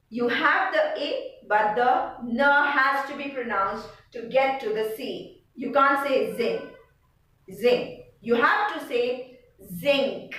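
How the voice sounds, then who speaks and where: A woman teacher explains a chemistry lesson in a slightly high voice, slow and deliberate, repeating words for emphasis. She sits back from the mic, and the room is very echoey. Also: fairly bright tone, far from the mic.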